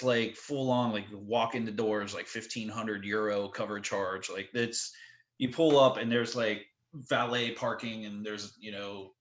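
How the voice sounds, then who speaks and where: A man's voice: on the low side, fairly bright tone. Rambling man telling a road story, roomy sound. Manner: rambling, full of "like" and quoted asides. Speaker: touring drum tech, guest. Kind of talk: casual storytelling.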